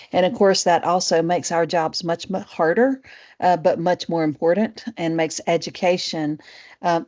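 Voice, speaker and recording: A middle-aged woman with a Southern Appalachian accent hosts a casual live webinar, her low, somewhat dark voice chatty and full of fillers and restarts. The webinar audio is muffled and lo-fi.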